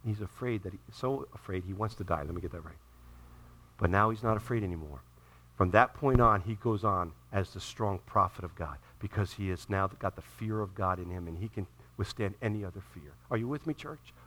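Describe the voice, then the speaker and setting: A man preaching a sermon to a congregation, moving from calm teaching to loud, impassioned delivery as he acts out voices from the scripture. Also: sits low, fairly quick. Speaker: pastor.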